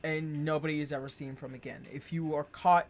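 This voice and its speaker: Halting, filler-heavy game master narration. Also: medium pitch, fairly even intonation, a little hiss or hum.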